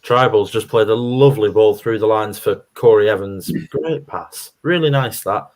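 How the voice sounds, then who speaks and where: A man co-hosting a live football fan watchalong, reacting excitedly to the play and chatting with his co-hosts. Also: lowish voice, moderate pace. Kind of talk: live match commentary chat.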